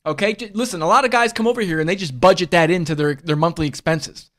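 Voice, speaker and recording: A man's voice: sits high, fast, fairly bright tone. A man hosting a casual livestream podcast, rambling bluntly and profanely and calling listeners bud and bro. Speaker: podcast host.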